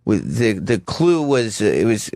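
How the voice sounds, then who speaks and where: A man's voice: fairly low pitch, sing-song, unhurried, darkish tone, dry recording. A man co-hosting a radio show, chatting loosely with many fillers. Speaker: radio co-host. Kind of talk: casual radio banter.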